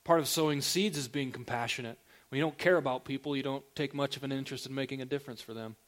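Here a pastor talks quickly in a medium-pitched voice while preaching. He keeps the sermon loose and conversational, often turning to the audience with pointed questions.

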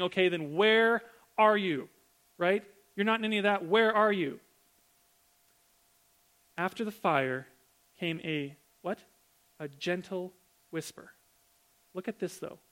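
A man preaching a sermon in a conversational, animated way, full of rhetorical questions. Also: sits high.

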